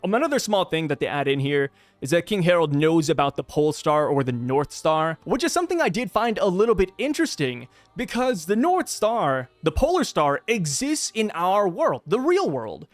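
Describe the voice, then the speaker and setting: Animated high-voiced man reviewing manga. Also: no echo. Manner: excitable, slangy, quick asides. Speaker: manga review channel host. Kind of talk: casual video commentary.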